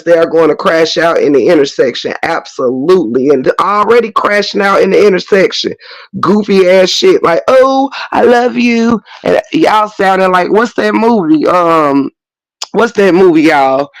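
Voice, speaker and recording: A man's voice: fairly high pitch, normal speed, no room sound, poor audio. A man hosting a commentary stream, ranting bluntly with heavy slang, cursing and mocking. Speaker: commentary host. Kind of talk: unscripted rant.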